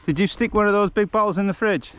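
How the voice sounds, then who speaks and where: A man's voice: high-pitched, fast talker, a bit bright, clean tone, highs cut off. Chatty Englishman walking in the countryside. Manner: chatty, rambling, laughs often. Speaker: vlogger on a charity walk. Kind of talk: casual chat while walking. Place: outdoors on a rural road.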